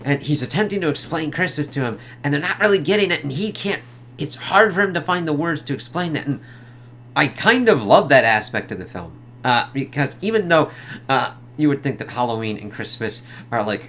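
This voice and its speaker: A man talks through a film review in an unscripted, meandering way, full of "like" and "kind of" and frequent swearing. His voice sits at an ordinary middle pitch. A faint hum runs under the recording. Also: fairly bright tone. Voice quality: profane, rambling, heavy on filler words. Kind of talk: casual spoken review.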